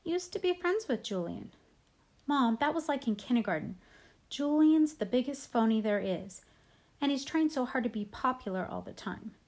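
A woman's voice: sits high, expressive, normal speed, a little mellow, voice pushed up. A woman voicing a blunt, exasperated middle-school boy in a storybook reading. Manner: exasperated, emphatic.

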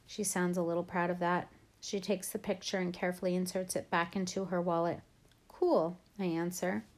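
A woman narrating a first-person audiobook. Her voice sits lowish and she reads in a reflective, earnest way. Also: flat delivery, brisk.

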